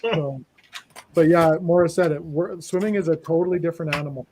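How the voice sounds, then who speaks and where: A man's voice: a little high, brisk, a little hiss or hum, poor audio. A man hosting a casual chat, telling a funny story and acting out both sides of the conversation. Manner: storytelling, animated retelling with quoted dialogue. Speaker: host.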